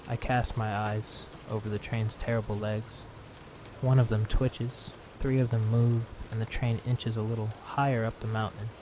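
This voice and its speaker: A man narrating a horror story in a calm, slow, hushed tone, meant for falling asleep. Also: on the low side, background noise. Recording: steady rain sound behind.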